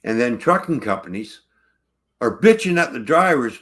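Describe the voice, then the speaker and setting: A man's voice: medium pitch, expressive, unhurried, fairly bright tone. A truck driver ranting angrily about his truck, swearing constantly in casual livestream talk.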